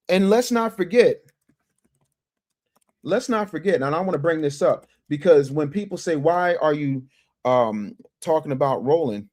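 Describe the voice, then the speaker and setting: A man hosting a casual livestream, reading viewer chats and commenting in an animated, emphatic way that repeats phrases and restarts often. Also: a little high. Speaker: livestream news commentary host.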